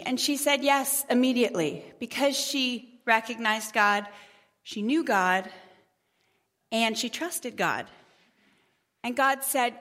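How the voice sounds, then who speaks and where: A middle-aged mother telling a parable and stories from family life at a church gathering, chatty with gentle humor. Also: on the high side, measured pace. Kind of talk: storytelling talk.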